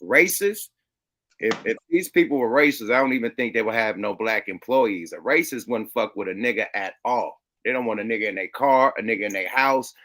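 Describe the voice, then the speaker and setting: A middle-aged man co-hosting a casual talk show, slangy and animated, acting out quoted people in his stories. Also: brisk. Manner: animated, slangy, acts out quotes in high voices. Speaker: podcast co-host. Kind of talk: casual chat.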